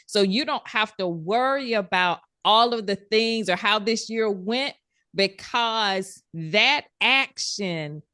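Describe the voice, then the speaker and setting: A woman's voice: mid-range voice, pushed and bright, no room sound, studio quality. A woman coaching a community group online, talking in an emphatic, affirming way. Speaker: coach leading a community session. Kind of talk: supportive group coaching talk.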